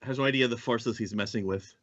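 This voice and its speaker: A man's voice: mid-range voice, fast, a bit bright, dull audio. A man playing in a casual tabletop game, tossing in dry wisecracks and chuckles. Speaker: player.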